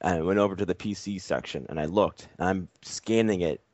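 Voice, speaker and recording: A man telling a long story in casual chat, animated and full of swearing. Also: low voice, brisk, no room sound. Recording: dry, dull lo-fi audio.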